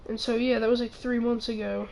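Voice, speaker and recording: A teenage girl rants into the camera in a rambling, halting way, tripping over restarts as she grows indignant. Her voice sits a little high, but she barely moves it up or down. A faint hum of room sound lies underneath. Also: level tone, creaky, a little mellow, poor audio. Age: teens. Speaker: channel owner. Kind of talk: ranting vlog.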